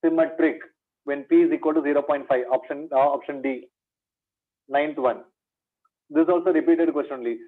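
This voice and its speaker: Indian English maths teacher, tinny audio. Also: male voice, fairly high pitch, fairly even intonation, moderate pace, pauses often. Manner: asks questions and answers them himself, says "my dear" and "sir". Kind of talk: exam revision lecture. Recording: tinny phone-like online lecture audio.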